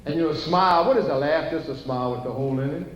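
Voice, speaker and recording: A man's voice: fairly high pitch, fast talker, slight background noise. An older man with a Cajun Louisiana accent telling jokes in a rambling, folksy way to a live theater audience. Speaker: stand-up storyteller. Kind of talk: live stand-up comedy. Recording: roomy, distant, dull audience recording.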